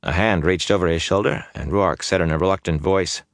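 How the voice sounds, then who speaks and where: Man narrating an audiobook, very deep voice, dry close sound, measured. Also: dry recording. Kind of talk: scripted narration.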